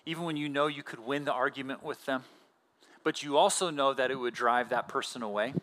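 Bright, animated man preaching a sermon. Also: medium pitch, a little fast. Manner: conversational, animated preaching with casual fillers. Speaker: pastor.

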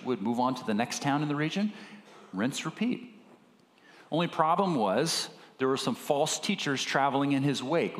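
Lively conversational pastor in an echoey hall. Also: male voice, medium pitch. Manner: conversational, with filler words and restarts; gets emotional speaking of his children. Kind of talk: sermon. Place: church sanctuary. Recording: echoey church hall with long reverb.

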